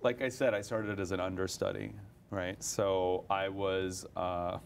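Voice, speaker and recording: Young male actor, low voice, animated and laughing, casual interview, light background noise. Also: unhurried, vocal fry. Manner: animated, laughs often, many restarts.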